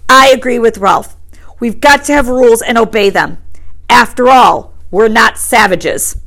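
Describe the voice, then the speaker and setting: A woman's voice: fairly high pitch, a little slow, fairly bright tone. A woman voicing a proud, bossy boy who gives orders to the group. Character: bossy fierce boy leader, proud and scornful.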